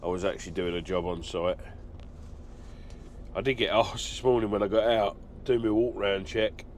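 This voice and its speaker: A man's voice: on the low side, steady tone, moderate pace, slight background noise. A middle-aged man, chatting casually in a trucker vlog, rambling with lots of ums and uhs. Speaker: truck driver vlogger.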